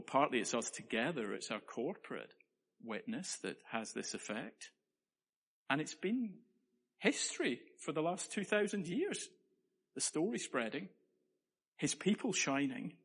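A man's voice: mid-range voice, a bit bright, in a large hall. A man preaching a sermon in a church, earnest and conversational, with playful asides to the congregation.

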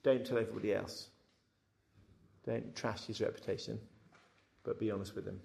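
A man giving a conversational Bible teaching, frank and lively, often repeating his words as he talks. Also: fairly low pitch, moderate pace, vocal fry, a little hiss or hum. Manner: frank, animated, repeats words, acts out quotes.

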